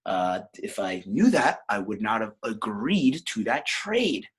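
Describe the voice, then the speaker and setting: A man's voice: fairly low pitch, big pitch swings, slow. A man voicing a brash, swearing young pizzeria worker who wheedles his mother for food. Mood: brash wheedling.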